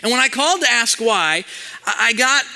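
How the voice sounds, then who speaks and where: A male pastor telling a story in a sermon, animated and acting out the conversations in it. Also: very high voice, normal speed. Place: church auditorium. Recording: long hall reverb.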